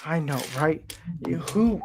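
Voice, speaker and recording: A man's voice: fairly high pitch, expressive, slow pace, creaky, a little mellow, a little hiss or hum, poor audio. A man hosting a casual build stream, telling a rambling story with frequent swearing. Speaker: streamer building a brick toy set. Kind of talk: casual chat while building.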